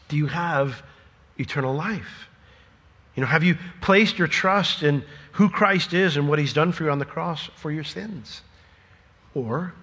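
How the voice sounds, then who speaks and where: Man, pastor, sermon, fairly high voice, loud emphatic questions then hushed near-whispers, church hall. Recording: long reverb of a large hall.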